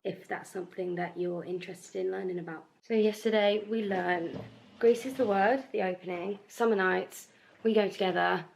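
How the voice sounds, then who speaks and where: A woman's voice: lowish voice, vocal fry, a little mellow. A young woman from the UK chatting casually in a vlog about musical rehearsals, bubbly and filled with "like", sounding a little bunged up and tired. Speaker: vlogger, musical theatre performer.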